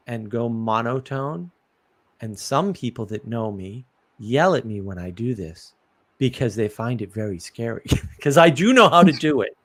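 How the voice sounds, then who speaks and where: A man's voice: mid-range voice, expressive, measured pace, fairly bright tone. A man hosting a live stream, explaining ideas in a casual, thoughtful way with examples.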